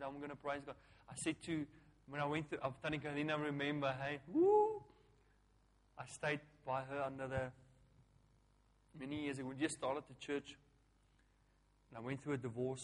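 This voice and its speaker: Brief: male pastor, slightly high voice, emphatic call-and-response sermon delivery. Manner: emphatic preaching, swinging between loud calls and hushed lines; repetitive, call-and-response phrasing.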